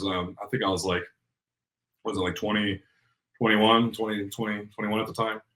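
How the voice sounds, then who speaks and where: A man, a podcast guest, telling a story in casual conversation, animated and acting out the dialogue, with lots of "like" fillers. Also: lowish voice, poor audio. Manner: animated, acts out quoted dialogue, many "like" fillers.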